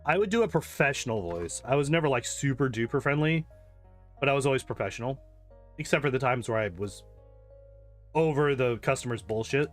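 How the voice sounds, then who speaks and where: A man's voice: medium pitch, animated, a little fast, soft background music. A man chatting casually and rambling while playing a game, swearing freely and laughing often. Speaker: gaming streamer.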